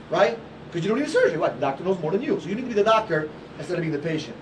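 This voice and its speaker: Loud hyped-up guy coaching sales reps, rapid-fire, bit distant from the mic, faint noise. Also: sits high, big pitch swings. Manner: loud, passionate, profane, rhetorical questions. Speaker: sales trainer. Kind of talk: motivational sales talk to a group.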